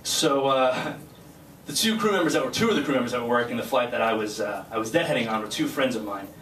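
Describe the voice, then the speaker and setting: A man with a medium-pitched, slightly bright voice speaks fast and animatedly as a guest speaker at a graduation ceremony. A flight crew member, he tells an earnest, chatty personal story, laughing as he goes, picked up by a distant mic in a noisy, echoey hall.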